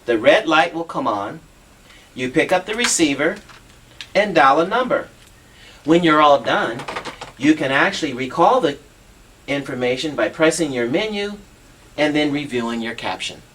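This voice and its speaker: A man's voice: fairly high pitch, expressive, moderate pace, pauses often, fairly bright tone, a little hiss or hum. A man demonstrating assistive telephone equipment on a TV show, patient and instructive, walking through each step.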